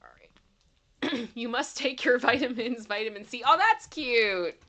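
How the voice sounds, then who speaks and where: A woman's voice: a little high, animated, measured pace, bright, forceful tone. A woman with a Canadian accent hosting a livestream, casually chatting, giggling and reading viewer comments aloud. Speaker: livestream host. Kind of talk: casual live-chat reading.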